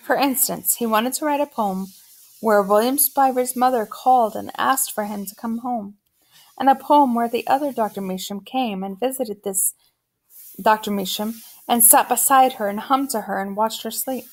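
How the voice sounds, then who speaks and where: A woman reading a children's novel aloud, telling the story at a steady pace. Her voice has a noticeable gravelly texture. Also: a little high, normal speed. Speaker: audiobook narrator.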